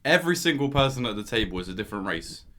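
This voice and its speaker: A young man co-hosting a podcast, arguing his point eagerly with quick restarts and stumbles. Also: mid-range voice, a little hiss or hum. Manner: animated, argumentative, stumbling restarts. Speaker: podcast co-host. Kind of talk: casual chat.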